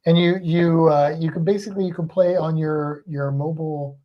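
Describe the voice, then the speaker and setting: A man's voice: a little high, fairly even intonation, moderate pace, highs cut off. A man co-hosting a livestream in casual chat. He rambles, hesitates often and laughs a lot. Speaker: livestream co-host.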